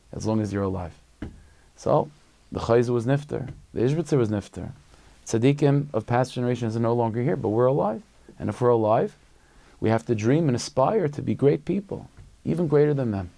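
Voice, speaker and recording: A man, a rabbi, telling a story in a relaxed, conversational sermon with frequent fillers. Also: medium pitch, brisk, vocal fry.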